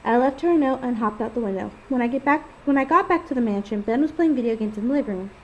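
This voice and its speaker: A woman's voice: on the high side, quick pace, darkish tone, dull audio, slight background noise. A woman casually reading her own first-person story aloud. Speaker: fan fiction author and reader.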